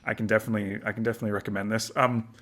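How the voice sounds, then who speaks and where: A man's voice: fairly low pitch, level tone, very fast, a bit bright. A man co-hosting a gaming podcast in casual chat, often laughing and quoting others in playful voices. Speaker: podcast co-host.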